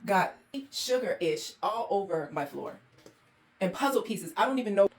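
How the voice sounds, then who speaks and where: A woman's voice: medium pitch, expressive, moderate pace. A woman hosting a walkthrough vlog, exasperated and ranting as she films indoors in a condo on a handheld phone. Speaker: host.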